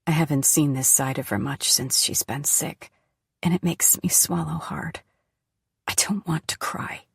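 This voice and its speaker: A woman narrating a first-person audiobook in a hushed, often whispery voice. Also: sits low, measured pace, creaky, slightly rough, no room sound, clean studio sound.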